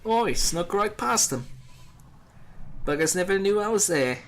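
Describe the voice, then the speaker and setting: A man's voice: sits high, animated, measured pace. A man voicing a scrappy young male street urchin locked in a prison, cocky and slangy, with his accent sliding toward Scottish. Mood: boastful.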